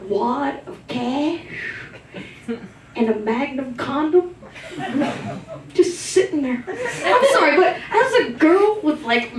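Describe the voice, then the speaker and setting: A woman's voice: high-pitched, a little hiss or hum. A woman performing a stand-up comedy set on a live show stage, telling a brash, profane story. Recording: echoey, distant live-show recording, loud crowd. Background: audience laughter.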